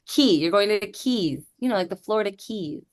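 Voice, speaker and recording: A woman's voice: medium pitch, expressive, fairly quick. A woman co-hosting a podcast as a travel agent, chatty and teasing, explaining terms like a guide. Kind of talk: casual podcast chat.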